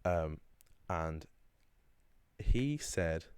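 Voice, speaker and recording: A man's voice: low voice, lively intonation, drawn-out words, a little mellow, smooth, no echo. A man teaching a casual language lesson, chatty and rambling, with frequent ums and restarts.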